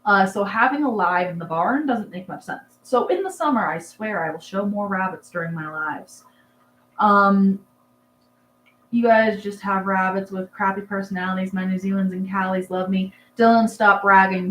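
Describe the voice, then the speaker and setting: A woman's voice: medium pitch, normal speed, a little hiss or hum. Girl chatting on a livestream, lots of ums, kind of rambly, roomy echo. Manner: rambling, chatty, many fillers. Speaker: livestream host, rabbit breeder. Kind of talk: casual livestream chat reading comments. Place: dark barn at night.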